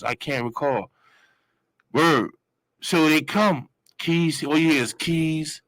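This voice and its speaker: A man in his forties tells a long street story in loose slang, rambling and circling back as he goes. He jumps into sudden high yells when he acts out other people. The sound is close and dry. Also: slow, pauses often, no room sound, rough recording. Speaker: guest telling a story. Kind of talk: casual storytelling.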